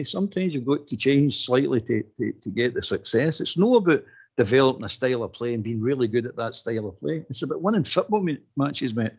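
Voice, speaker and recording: A man talking football in casual chat, animated, repeating himself and laughing mid-sentence. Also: medium pitch, fairly quick, breathy edge. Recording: dull lo-fi stream audio.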